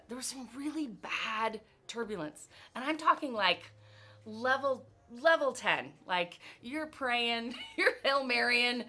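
A middle-aged woman leads her team in a motivational talk with a bright, ringing voice. She tells her stories in an animated way, filling them with "like" and "right?" and breaking into laughter often. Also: fairly high pitch. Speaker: leadership coach speaking to her team.

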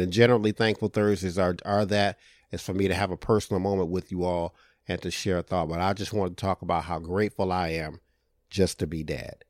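A middle-aged man hosting a podcast as a minister, talking earnestly and warmly about being a father, often repeating words as he goes. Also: sits low, no echo, clean studio sound. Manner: earnest, heartfelt, with frequent repetitions and restarts. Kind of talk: reflective podcast monologue.

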